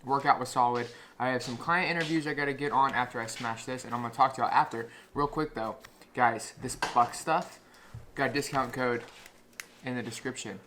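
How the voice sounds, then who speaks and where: An upbeat young man chats casually to his camera, walking through his training and meals in an easy, explanatory way. His voice sits at an ordinary middle pitch, and a faint hum of room noise stays in the background. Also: fairly quick, sharp tone. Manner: upbeat, chatty, explains step by step. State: out of breath after a workout. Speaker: fitness vlogger and coach. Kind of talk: casual vlog talk to camera.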